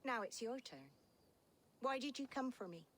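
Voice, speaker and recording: A woman's voice: a little high, sing-song, normal speed, husky. An actress playing a proud, defiant mother in a video game, speaking in a strong-willed, old-fashioned way.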